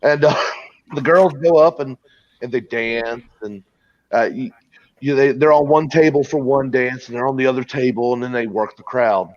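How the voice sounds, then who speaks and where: A man's voice: medium pitch, normal speed, no room sound. Male host, casual crude storytelling, rambling delivery, dull lo-fi recording. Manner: rambling, crude, laughing at his own story. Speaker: podcast host telling a story. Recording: dull lo-fi sound, dry.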